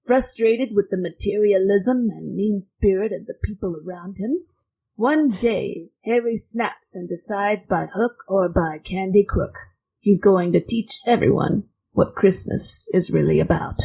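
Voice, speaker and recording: A woman putting on the voice of a smoky male TV horror host, narrating in a mock-solemn, deliberate way. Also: mid-range voice, vocal fry, dark tone, breathy edge, low-quality recording. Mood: mock-ominous.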